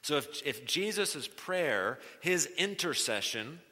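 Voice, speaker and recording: A man's voice: a little high, very animated, slow, bright, forceful tone. Earnest preaching man in a reverberant hall. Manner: earnest, emphatic, with repeated phrases and shifting pace. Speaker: guest preacher. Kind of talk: sermon. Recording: long reverb of a large hall.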